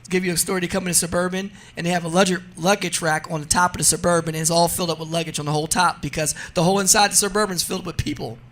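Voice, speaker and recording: A man in his forties from New Jersey, a radio interview guest telling funny stories in a lively, laughing way. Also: high voice, racing, hardly any pauses. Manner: animated, laughing storyteller. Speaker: guest, drag racer. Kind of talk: casual radio interview storytelling.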